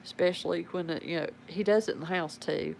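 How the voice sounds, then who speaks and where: A woman's voice: lowish voice, fairly quick, creaky, darkish tone, slight background noise, low-quality recording. A woman, rambling casually about her pets at home and talking to them as she goes. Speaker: pet owner showing her animals. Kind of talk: casual home video chat.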